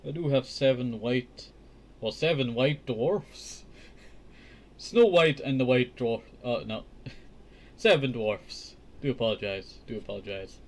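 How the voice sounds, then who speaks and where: Reading a children's book aloud as host, this man speaks slowly at a medium pitch. He keeps drifting into joking, chatty asides, with "I tell you" coming up often.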